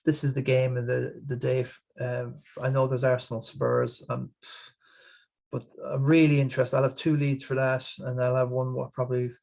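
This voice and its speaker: Irish man, podcast host, gravelly voice, rambling casual talk, lots of restarts. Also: mid-range voice, completely flat delivery, moderate pace, a little mellow. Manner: rambling, frequent restarts and repeated words. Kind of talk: casual fantasy football chat.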